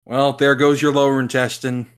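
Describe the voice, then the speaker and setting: A young man co-hosting a podcast, chatting casually while reacting to a film and breaking into loud laughs. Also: mid-range voice, normal speed, smooth. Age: young adult. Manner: excitable, laughs loudly. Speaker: podcast co-host.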